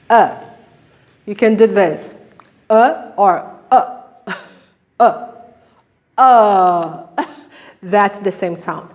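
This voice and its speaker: A woman teaching English pronunciation, modelling each sound slowly and asking the listener to repeat after her, laughing now and then. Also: on the high side. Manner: drawn-out sounds, laughs often, asks you to repeat. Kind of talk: slow, careful pronunciation lesson.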